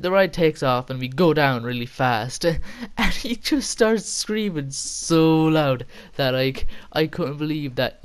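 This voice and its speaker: A man's voice: medium pitch, clean tone. A young man telling a casual, rambling story with frequent laughter and casual swearing. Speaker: vlogger.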